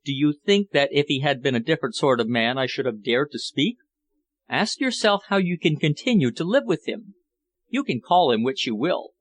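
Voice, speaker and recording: A man's voice: on the high side, animated, normal speed. Intense foreign lover, scornful and passionate, declaiming, as a male narrator reads him in a storybook. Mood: fervent. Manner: fervent, declamatory.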